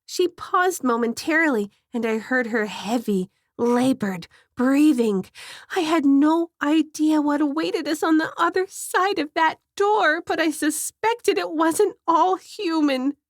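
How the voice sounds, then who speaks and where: A woman narrating a scripted horror story in a measured, suspenseful way, close to the mic. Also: high-pitched, no echo.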